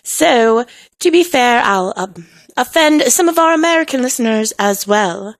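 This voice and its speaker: A woman who is sick with a fever, talking in a deliberately fake, exaggerated British accent in a playful, self-mocking, apologetic comic monologue. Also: on the high side, lively intonation, no room sound. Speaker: amateur audio poster. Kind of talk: casual comedic monologue.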